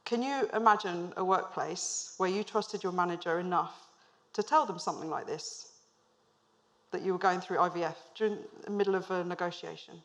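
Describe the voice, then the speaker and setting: A woman's voice: on the low side, normal speed, a bit bright. Engaging woman giving a storytelling business talk. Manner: engaging, asks the audience questions, lightly humorous. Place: stage before a live audience.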